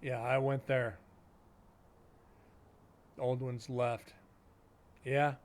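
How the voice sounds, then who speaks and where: A male streamer talking casually to his chat, blunt and sarcastic, cursing often. His voice sits at an ordinary middle pitch for a man. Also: level tone, extremely slow. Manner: blunt, sarcastic, swears freely.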